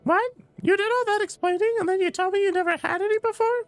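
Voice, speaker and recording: Tiny chirpy alien kid voice, way high, eager and curious, game character. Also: male voice, fast, no room sound, faint music behind. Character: small cheerful childlike alien boy cook.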